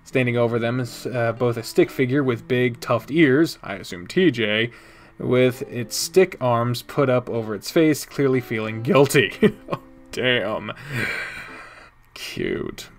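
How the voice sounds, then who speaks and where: A man's voice: medium pitch, unhurried. Casual swearing male streamer reading aloud. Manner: casual, swears, chats with viewers between read lines. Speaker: streamer playing a visual novel. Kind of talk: live stream chat and reading game text aloud.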